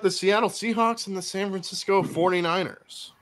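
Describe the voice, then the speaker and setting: A man hosting a casual podcast, giving his football picks and swinging between loud remarks and muttered asides. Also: sits high, steady tone, moderate pace. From Miami Dolphins fan. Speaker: podcast host. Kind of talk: casual sports picks chat.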